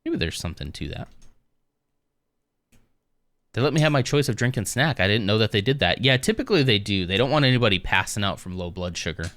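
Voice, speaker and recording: A man's voice: fairly low pitch, big pitch swings, brisk, long pauses, fairly bright tone. A man streaming live, chatting casually with viewers in a rambling, easygoing way with lots of fillers.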